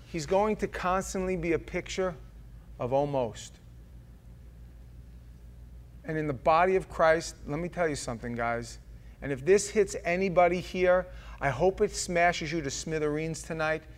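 A middle-aged man, a senior pastor, praying softly then preaching a sermon with emphatic delivery and humorous asides to the congregation. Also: a little high. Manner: earnest, shifts from hushed prayer to loud emphatic preaching. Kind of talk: sermon with opening prayer and scripture reading.

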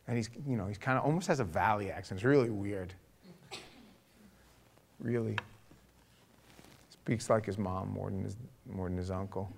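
A pastor, telling a story in a sermon, acting out the people in it and building to a forceful charge. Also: male voice, lowish voice, moderate pace, creaky, long pauses, a little hiss or hum. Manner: conversational, acts out dialogue, rising to forceful exhortation.

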